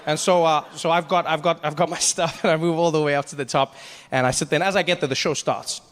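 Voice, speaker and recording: A man doing stand-up comedy, telling a story in an animated way and slipping in voices for the people in it. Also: on the high side, fast talker, long reverb tail.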